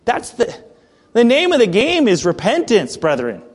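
A man's voice: extremely high pitch, huge pitch swings, normal speed, husky. A man preaching a conversational sermon, reading scripture aloud and explaining it with casual asides. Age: adult. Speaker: pastor. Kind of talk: expository sermon.

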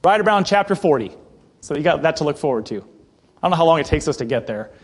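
A man's voice: on the high side, lively intonation, quick pace. A man preaching a conversational sermon, reading scripture aloud and explaining it with casual asides. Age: adult. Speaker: pastor. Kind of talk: expository sermon.

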